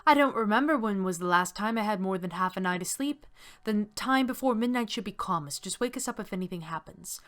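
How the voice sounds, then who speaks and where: A woman voicing a weary armored female lieutenant who speaks soothingly calm and tranquil. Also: medium pitch, a little fast, natural voice.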